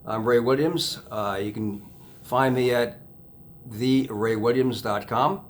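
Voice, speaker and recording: A man who works as a hypnotist, talking casually to camera about self-help, rambling and restarting sentences, repeating key phrases, and dropping to a soft low "okay?" after each point. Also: slow, slight background noise.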